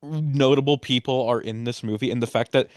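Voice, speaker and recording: A man co-hosting a podcast in casual chat, hesitant and quick to laugh. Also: medium pitch, steady tone, no room sound, clean studio sound. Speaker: podcast co-host.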